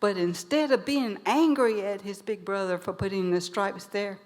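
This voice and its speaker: A woman storyteller telling a traditional animal tale to a live audience, animated and lively. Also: medium pitch, normal speed. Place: museum event hall. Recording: long hall reverb.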